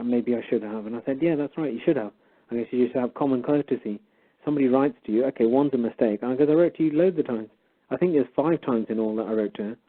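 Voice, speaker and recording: A man casually telling a story and quoting both sides of a conversation. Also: mid-range voice. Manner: animated retelling, quoting both sides of a dialogue. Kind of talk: casual storytelling on a call-in show. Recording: phone-line audio.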